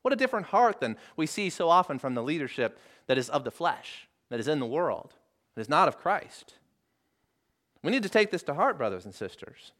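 Earnest preacher with a lively, swinging voice. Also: male voice, on the high side, a little fast. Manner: earnest, addresses listeners with rhetorical questions; emphatic repetition of phrases. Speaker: pastor. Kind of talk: sermon.

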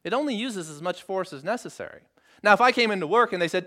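Earnest preacher with a lively, swinging voice. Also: male voice, high-pitched, quick pace. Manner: earnest, addresses listeners with rhetorical questions; emphatic repetition of phrases. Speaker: pastor. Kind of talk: sermon.

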